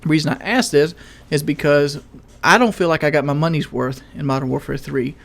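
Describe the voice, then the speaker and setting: A young man giving casual gaming commentary, rambling and correcting himself, in what he calls a monotone voice, often asking viewers questions. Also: on the high side, a little fast, vocal fry. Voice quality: self-described monotone voice.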